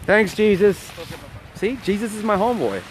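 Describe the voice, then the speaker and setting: A New York man chatting to viewers on a live stream, his voice pitched a touch high. He talks into a phone held in his hand while walking around a snowy street outdoors, and he sounds cold. Faint street noise hums behind him. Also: very animated, normal speed. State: cold, freezing. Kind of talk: casual live-stream chat.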